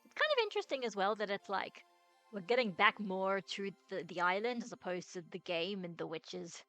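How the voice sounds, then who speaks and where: A woman's voice: mid-range voice, lively intonation, moderate pace, a bit bright, rough recording. A woman streaming a visual novel, thinking aloud in a rambling way with many restarts. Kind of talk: live-streamed game commentary. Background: game music.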